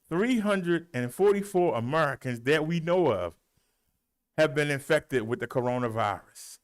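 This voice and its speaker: Animated, breathless man reading numbers. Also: a little high, clear, resonant tone. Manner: animated, rolls his R's, folksy drawl. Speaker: preacher and show host. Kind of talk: casual livestream talk, reading daily stats.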